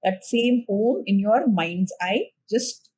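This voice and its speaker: A woman with an Indian English accent, a spiritual teacher and podcast guest, explaining practice patiently and slowing down gently when giving instructions. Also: medium pitch, husky. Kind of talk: calm explanatory conversation.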